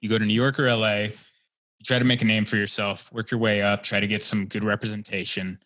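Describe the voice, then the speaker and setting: A man from Hungary, a guest comedian in a casual podcast conversation, telling stories in a rambling, chatty way that grows animated. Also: lowish voice, a little fast, dry recording. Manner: chatty storyteller, rambling with fillers, gets animated.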